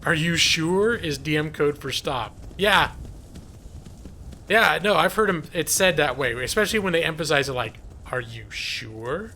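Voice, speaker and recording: A man's voice: a little high, animated, normal speed, pushed and bright, a little hiss or hum. A middle-aged man casually chatting through a live game stream, reading chat aloud and rambling. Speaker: gaming streamer.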